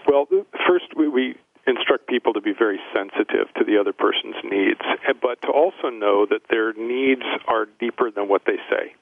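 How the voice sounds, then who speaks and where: A man being interviewed as a relationship coach, explaining in a halting way and repeating words. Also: on the low side, creaky, dry recording. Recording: tinny phone line.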